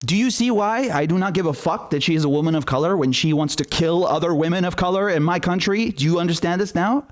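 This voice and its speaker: A man's voice: a little high, fast, hardly any pauses. A male political commentator delivering a profane, sarcastic and exasperated solo rant.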